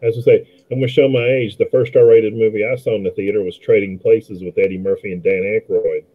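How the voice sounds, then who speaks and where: A man's voice: fairly low pitch, steady tone, quick pace, breathy edge. A middle-aged man chatting casually about movies as a podcast co-host, with frequent fillers and restarts. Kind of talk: casual movie commentary chat. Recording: tinny phone-like line.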